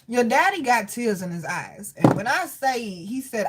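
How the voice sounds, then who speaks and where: A woman giving a live medium reading, talking casually with spirits, laughing often and swinging between loud outbursts and soft murmurs. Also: medium pitch, lively intonation, moderate pace, few pauses, background noise. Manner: casual, slangy, chatty.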